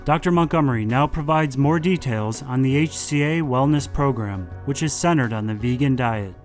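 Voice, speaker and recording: A man reading scripted documentary narration in a smooth, even, formal way. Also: medium pitch, normal speed. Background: loud music.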